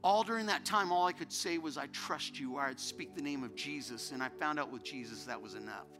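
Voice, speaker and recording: A man's voice: medium pitch, fairly quick, bright, forceful tone, soft background music. A man preaching a sermon as a guest pastor, telling an emotional personal story that builds into fervent preaching. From United States.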